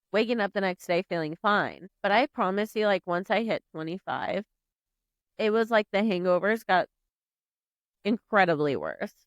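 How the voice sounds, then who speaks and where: A woman in her twenties, a podcast guest telling a story in casual chat, animated, swearing freely and saying "like" a lot. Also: medium pitch, smooth, no room sound. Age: 20s.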